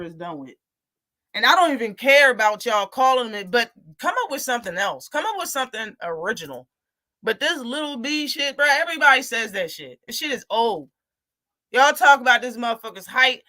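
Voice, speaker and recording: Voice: medium pitch, sharp tone. A live boxing talk show host ranting in a heated, profane, casual way.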